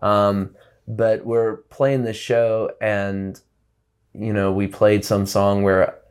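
Low-voiced man, rambling casual talk. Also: level tone, takes it slowly, a little mellow, clear, resonant tone. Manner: loose and rambling, full of "like" and restarts. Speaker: guest musician. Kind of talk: casual interview chat.

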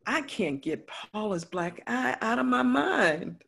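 A woman playing a husky remorseful friend. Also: fairly high pitch, expressive, slow pace, a bit bright, exaggerated voice. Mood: confessing, earnest. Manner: earnest, motherly, heartfelt. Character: remorseful older woman friend confessing a wrong. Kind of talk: stage play acting.

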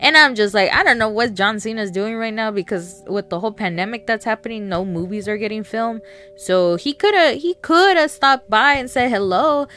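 A woman's voice: fairly high pitch, lively intonation, moderate pace, pushed and bright, faint music behind. A woman talking casually and at length about wrestling, rambling with many fillers and asides. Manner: rambling, chatty, lots of fillers and laughs. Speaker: wrestling fan commentator. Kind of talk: casual solo commentary.

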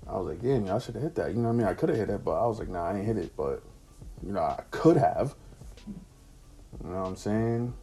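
A man's voice: deep voice, expressive, fairly quick, gravelly, pauses often, dark tone, soft background music. A man casually telling a personal anecdote in slangy, profane street talk. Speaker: storyteller.

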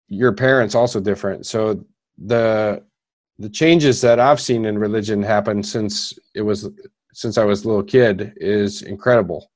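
A man's voice: lowish voice, darkish tone. A man hosting a podcast in casual chat, asking loose, rambling questions. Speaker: podcast host.

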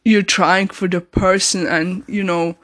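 A man with a high voice talks through a drama review in a relaxed, unscripted way. His pitch stays fairly level, and he circles around his points with earnest hedges and restarts. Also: a little slow. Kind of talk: casual spoken review.

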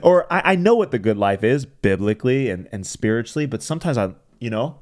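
Male pastor, conversational podcast chat, rambly and reflective, mid pitch. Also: expressive, brisk, darkish tone. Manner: rambling, reflective, filler-heavy with many restarts. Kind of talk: casual faith podcast chat.

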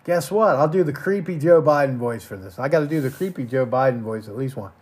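A man's voice: mid-range voice, lively intonation, a little fast, darkish tone, husky. A man hosting a podcast in an angry, crude ranting monologue, cursing often and stumbling over repeated words. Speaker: podcast host.

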